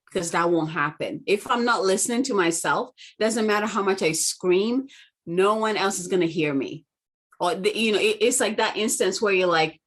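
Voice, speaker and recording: Woman podcast guest, mid pitch, earnest and affirming, speaks in repeated mantra-like phrases. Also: normal speed, breathy edge. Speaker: guest, spiritual mentor. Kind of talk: conversational podcast interview.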